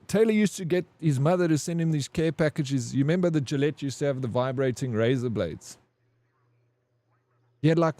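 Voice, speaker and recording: A man's voice: mid-range voice, warm tone, no room sound. A man streaming a game, rambling and crude as he tells a long army story to his chat. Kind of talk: casual gaming stream storytelling.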